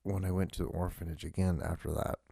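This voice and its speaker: A man's voice: low voice, steady tone, fast, gravelly, mellow, breathy edge, dry recording, studio quality. A young man hosting a solo podcast, rambling casually and swearing a lot between fillers. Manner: rambling and profane, full of fillers. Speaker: podcast host.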